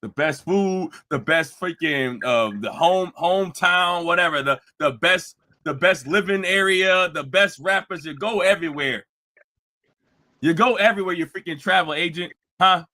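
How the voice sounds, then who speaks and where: A man hosting a live stream, mocking a clip with fast, laughing rants. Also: sits high, pushed and bright. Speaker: host.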